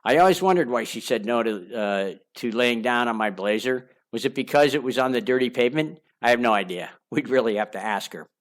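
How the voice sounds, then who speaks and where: A man's voice: medium pitch, lively intonation, a little fast, few pauses. An older man narrating his own memoir aloud in a candid, confessional way, with wandering asides and small repeats. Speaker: memoir author reading his own book.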